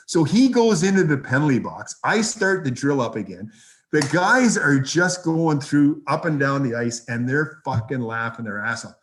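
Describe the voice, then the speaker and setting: A man, a hockey coach, telling lively anecdotes as a podcast guest and swearing freely. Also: medium pitch, normal speed. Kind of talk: casual storytelling.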